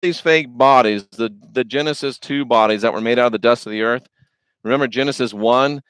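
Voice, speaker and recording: Preaching in a religious video, a male host delivers a folksy, slangy, conversational monologue that's emphatic and repetitive. His mid-range voice is steady, smooth and a bit bright, and he talks fast on a dry recording.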